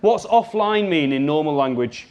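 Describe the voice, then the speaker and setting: A man giving a live workshop talk as a business trainer, lively and jokey, speaking straight to his audience. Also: a little high, normal speed, some chatter behind.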